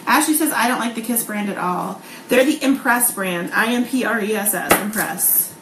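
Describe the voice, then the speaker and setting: A woman in her thirties runs a casual live cooking vlog from her home kitchen, bubbly and chatty, laughing a lot and saying um and like constantly. Her voice is mid-range at a normal pace, and the kitchen sounds echoey with clear background noise.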